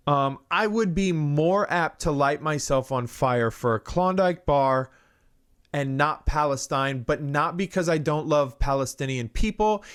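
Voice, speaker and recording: A man hosting a comedy show, ranting sarcastically and crudely, then answering listener questions. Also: mid-range voice. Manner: sarcastic and crude, swinging between mock-cynical and excited. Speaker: podcast host. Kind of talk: comedic political rant and listener Q&A.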